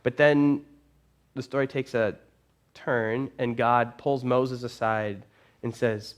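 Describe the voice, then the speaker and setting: Preach as a male pastor in a church, telling the story with lively, casual energy, your voice rising and falling as the scene heats up. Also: medium pitch, unhurried. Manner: animated storytelling, casual phrasing. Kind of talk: sermon.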